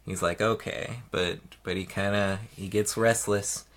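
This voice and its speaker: A man's voice: low voice, fairly even intonation, unhurried, a bit bright. Guy hosting a movie podcast, just laying out the plot, kinda dry. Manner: plain, summarizing plots, dry asides. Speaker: podcast host. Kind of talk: casual film discussion.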